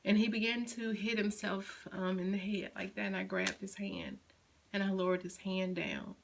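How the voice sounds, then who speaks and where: A middle-aged mother slowly recounting a painful personal story, at times softly quoting her son. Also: mid-range voice, expressive, creaky, slight background noise, rough recording. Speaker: grieving mother. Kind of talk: personal testimony.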